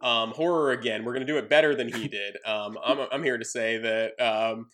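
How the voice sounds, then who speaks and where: A man's voice: medium pitch, steady tone, brisk, fairly bright tone. A man, a guest on a podcast, joking and teasing in casual chat.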